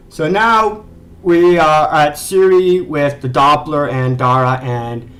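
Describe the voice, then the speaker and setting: A man's voice: a little high, a bit bright, poor audio. A man ranting as a video reviewer, exasperated and sarcastic, swearing and stumbling over restarts as he talks. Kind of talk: ranting commentary.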